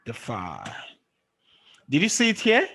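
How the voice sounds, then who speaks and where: A man teaching a classroom lesson, explaining slowly and quizzing his students as he goes. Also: medium pitch, expressive, slightly rough. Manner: slow, drawn-out explaining with questions to students. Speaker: English teacher.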